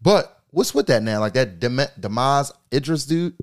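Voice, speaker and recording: A man's voice: medium pitch, big pitch swings, normal speed. A man with an ordinary mid-range voice co-hosts a loose podcast conversation. He argues insistently, stumbles over repeated words and keeps putting questions to the group. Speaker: podcast co-host. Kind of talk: casual podcast banter.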